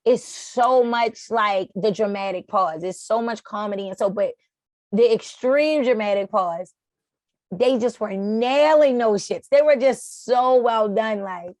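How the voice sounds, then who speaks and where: A woman's voice: a little high, unhurried, a little mellow, no room sound. A woman co-hosting a casual film review, talking in laid-back slang, laughing and swearing. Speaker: co-host.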